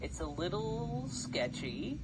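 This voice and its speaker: A man's voice: high-pitched, very animated, takes it slowly. A man narrating a tabletop game as game master, loose and joking, with faint background noise. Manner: loose, laughing, playing shopkeepers on the fly.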